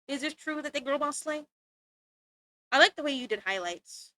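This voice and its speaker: A woman's voice: high-pitched, animated, moderate pace, pushed and bright, no room sound. A woman chatting casually to her viewers while streaming art, bubbly and laughing often. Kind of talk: casual livestream chat.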